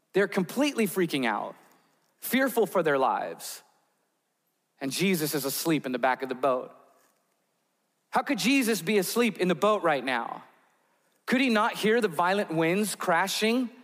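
His voice a little high and fairly bright, a pastor delivers a sermon that echoes with long reverb through a big hall. He heightens the suspense by painting vivid, imagined scenes for his audience.

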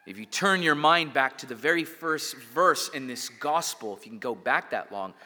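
A man preaching a sermon to his congregation, earnest, pressing some words hard and letting others fall quiet. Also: medium pitch, lively intonation, moderate pace, big-room sound. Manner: earnest preaching, swelling and dropping for emphasis. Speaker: pastor.

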